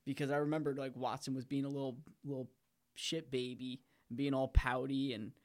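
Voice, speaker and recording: A man's voice: mid-range voice, brisk. A young man in casual podcast chat, agreeing and adding his own memories of scenes. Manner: relaxed, agreeable, chimes in. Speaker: podcast co-host. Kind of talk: casual anime recap chat.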